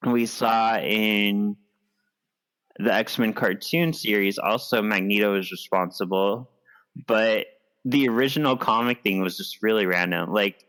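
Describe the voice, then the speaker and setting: Low-voiced man musing on a film. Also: unhurried, a bit bright, rough recording. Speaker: podcast co-host. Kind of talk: casual movie discussion.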